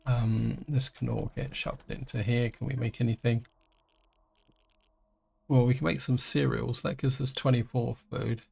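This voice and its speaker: A middle-aged man giving casual let's-play commentary, chatty and hesitant, thinking aloud with many pauses. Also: mid-range voice, fairly even intonation, creaky, a little mellow, slightly rough. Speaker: gaming channel host.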